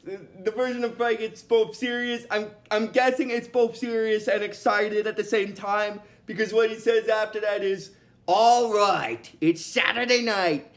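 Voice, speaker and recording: A man's voice: high-pitched, little pitch movement, normal speed, hardly any pauses. A man recapping a cartoon episode in a casual, rambling way, with many restarts and fillers and bursts of giggling.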